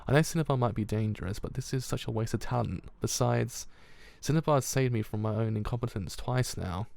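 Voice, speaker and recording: A man's voice: medium pitch, a little fast, vocal fry, a little mellow, dry recording, close to an everyday voice. A man voicing a clumsy, self-doubting young gem who is fretful and eager to prove itself. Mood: pleading.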